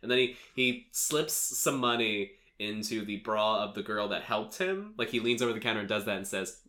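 Male podcast host, bright, edgy tone, loose chatty delivery full of "like"s. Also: on the low side, lively intonation, moderate pace. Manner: chatty, rambling, full of filler "like"s and laughs. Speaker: podcast host recapping a film. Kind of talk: casual chat.

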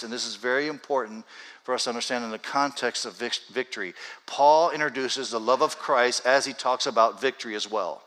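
A man preaching a sermon in a church, talking conversationally and slowing down deliberately for scripture readings. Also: medium pitch, sharp tone, low-quality recording. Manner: conversational, builds to urgent raised passages; reads scripture slowly and deliberately. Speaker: pastor. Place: church sanctuary with congregation.

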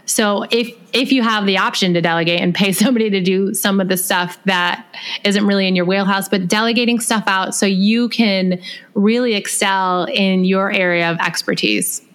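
Female author guest, animated storyteller, quick laughs, mid-pitched voice. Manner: animated, laughs often, acts out quoted dialogue. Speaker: podcast guest, author and speaker. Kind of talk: casual interview storytelling.

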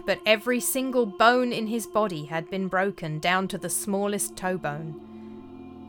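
A woman narrating a folk tale in a measured, expressive way. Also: medium pitch. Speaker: storyteller. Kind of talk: storytelling narration.

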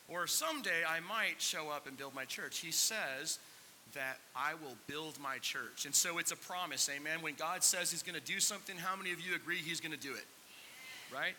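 A pastor's bright, forceful voice, slightly high, fills a church sanctuary as he asks the congregation questions in a conversational sermon. At times he's near tears; the audio has long hall reverb and a faint hiss.

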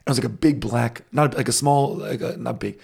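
A man's voice: medium pitch, brisk, vocal fry, slightly rough. A man telling a travel story in casual chat, with many fillers and restarts. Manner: rambling, animated anecdotes with many fillers and restarts.

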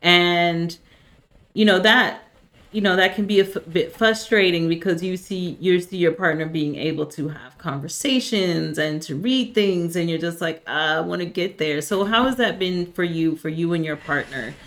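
A woman's voice: lowish voice, moderate pace, fairly bright tone. A woman hosting a casual conversation, thoughtful and full of "you know" fillers. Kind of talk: casual chat.

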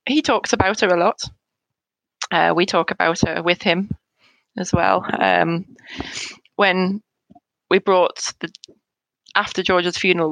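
A woman in her thirties, a bereaved mother in an interview, talking in a hesitant, halting way with soft laughs between thoughts. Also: fairly low pitch, gravelly, dry recording, low-quality recording. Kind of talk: emotional personal conversation.

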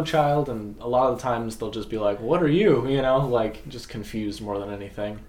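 Guy chatting about parade stuff, puts on silly voices, bit of room echo. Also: fairly low pitch. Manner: animated storyteller, acts out voices of others. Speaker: parade troll performer. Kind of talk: casual interview chat.

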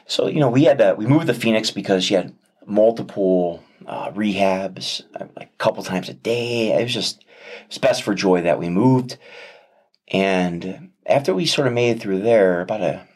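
A man with a low, deep voice is interviewed as a guest and shares a heartfelt personal testimony. He speaks earnestly and reflectively, often pausing and restarting sentences while he searches for the right words.

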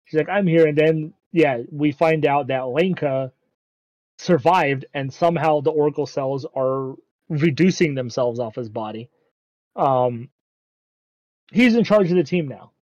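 A man's voice: on the high side, a little slow, darkish tone, no echo, dull audio. A man casually recapping an anime episode, rambling with frequent ums and casual swearing.

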